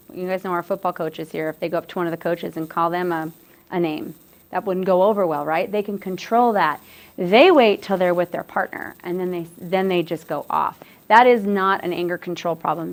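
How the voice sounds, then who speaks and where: A woman's voice: on the low side, moderate pace. Woman giving a conversational talk. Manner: conversational, repeats and restarts phrases. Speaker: presenter on dating violence. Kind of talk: educational talk to students.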